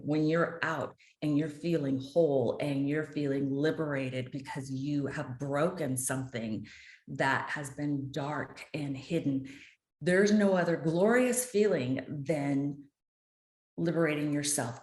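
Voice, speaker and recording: A woman's voice: low-pitched, darkish tone. A woman in her late fifties, a guest author talking earnestly and openly in an interview, often restarting her sentences. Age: 50s. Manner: earnest and open, with frequent restarts. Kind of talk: candid interview conversation. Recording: roomy echo.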